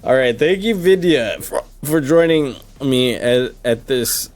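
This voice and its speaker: A drunk man hosting a casual stream sign-off, rambling, swearing and breaking into high laughter, hiccuping now and then. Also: animated, unhurried, darkish tone, faint music behind. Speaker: streamer and host.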